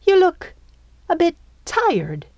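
A woman's voice: mid-range voice, sing-song, normal speed, no echo, dull audio, natural voice. A woman voicing a vain, scheming female fairy who speaks in a sweet, coaxing croon. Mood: sly sweetness.

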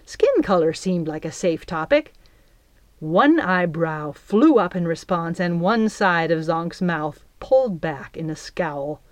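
Woman, audiobook narrator, calm even storytelling, dry close recording. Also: lowish voice, takes it slowly, dry recording.

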